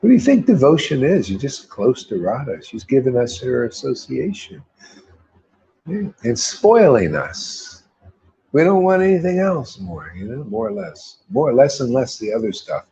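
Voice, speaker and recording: Laid-back husky man giving a devotional talk. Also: medium pitch, very animated, moderate pace, dark tone, lo-fi sound. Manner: rambling, laid-back, says "man" often. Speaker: devotional speaker.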